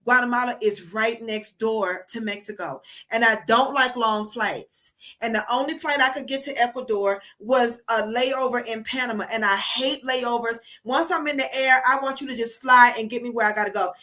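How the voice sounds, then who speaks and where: A woman's voice: a little high, moderate pace, sharp tone. A woman from the United States hosting a livestream, delivering a profane, heated and emphatic casual rant. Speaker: streamer host.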